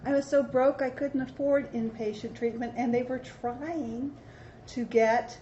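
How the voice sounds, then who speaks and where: Middle-aged woman, AA speaker, candid and wry; mellow, slightly high voice; roomy, dull recording. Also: fairly even intonation, a little slow. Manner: candid, self-deprecating storytelling. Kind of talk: recovery talk to a meeting. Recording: roomy, dull hall recording with faint hiss.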